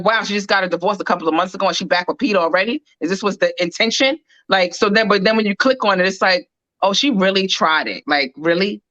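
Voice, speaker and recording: A woman's voice: fairly high pitch, pushed and bright, dry recording, muffled recording. A woman co-hosting a casual gossip chat, rambling and judgmental, full of filler words. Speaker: co-host.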